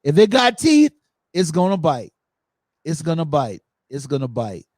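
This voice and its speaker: Animated man telling stories. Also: on the high side, a little slow, no echo, clean studio sound. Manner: animated storytelling, acts out quotes. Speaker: podcast host. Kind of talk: casual chat.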